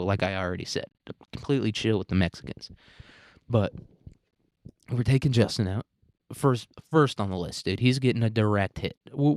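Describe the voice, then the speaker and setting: A man's voice: lowish voice, darkish tone, no echo, clean studio sound. A man hosting a solo podcast in a casual monologue, rambling and crude, often laughing at his own jokes. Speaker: podcast host.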